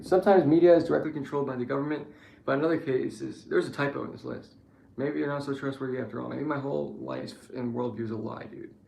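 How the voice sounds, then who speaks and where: Young male streamer, gravelly voice, roomy echo, profane rambling rant with constant restarts. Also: mid-range voice, mellow, a little hiss or hum. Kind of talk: casual rambling political rant.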